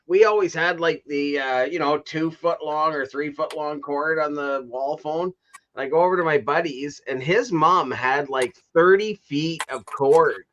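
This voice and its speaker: A middle-aged man with a bright, fairly high voice chats casually on a livestream. He tells long stories and laughs often. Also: muffled recording, slight background noise. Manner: chatty storyteller who laughs often. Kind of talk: casual chat.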